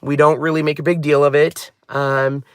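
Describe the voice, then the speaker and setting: A man's voice: fairly high pitch, flat delivery, normal speed, clear, resonant tone, dry recording, studio quality. A man hosting a craft channel, chatting casually and heartfeltly from inside a car, often drifting off on tangents. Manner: rambling, heartfelt, wanders off on tangents. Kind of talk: casual vlog chat.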